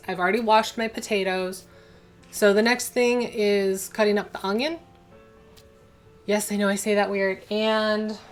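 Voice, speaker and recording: A young woman runs a casual cooking livestream from her home kitchen, rambling and chatting as she answers viewers' messages. Her voice is medium-pitched and a bit bright.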